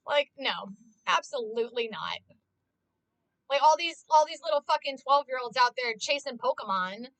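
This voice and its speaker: A woman's voice: high-pitched, lively intonation, moderate pace, a bit bright, poor audio. A young woman streamer talking casually as she plays and watches, ranting animatedly and swearing often. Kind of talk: casual live-stream commentary.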